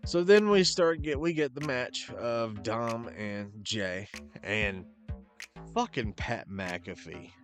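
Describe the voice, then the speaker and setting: A man with a lowish voice runs through a wrestling episode in a loose, casual recap. He swears freely and drops into quick offhand impressions of the wrestlers as he goes. Faint music sits quietly behind him. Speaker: podcast host.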